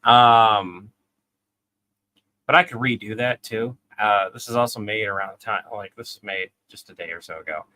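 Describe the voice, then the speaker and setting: A man hosting a live stream, chatting casually in a relaxed, rambling way with many fillers. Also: on the low side, normal speed, no room sound.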